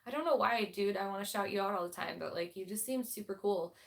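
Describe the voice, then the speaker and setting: A woman's voice: mid-range voice, fast, gravelly. Young woman rambling on a livestream, blunt, lots of ums and likes. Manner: chatty and blunt, many fillers and restarts. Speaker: book club host. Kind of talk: casual livestream chat.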